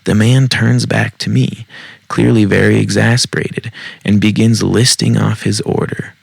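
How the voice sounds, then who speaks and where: Low gravelly man reading stories. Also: level tone, measured pace, no room sound. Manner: wry, profane asides. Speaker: podcast host reading Reddit stories. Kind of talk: casual storytime reading. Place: home basement.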